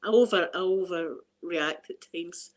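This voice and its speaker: A Scottish woman in her forties, chatting casually on a live stream and telling funny stories about herself. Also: unhurried. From Scotland. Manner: animated, self-mocking, quotes herself in a high excited voice. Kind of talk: casual live chat storytelling.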